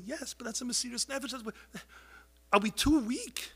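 High bright-voiced preaching man. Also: normal speed, husky. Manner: pleading, rises to loud outbursts, heavy Yiddish and Hebrew terms. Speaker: rabbi giving a talk. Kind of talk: impassioned sermon.

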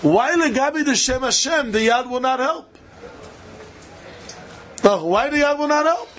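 A man with a high voice lectures on Talmud in a sing-song study chant. He presses his questions and laughs between points. Faint noise hums behind him. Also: lively intonation, a little slow, fairly bright tone. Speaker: Talmud teacher. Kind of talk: yeshiva-style Talmud lecture.

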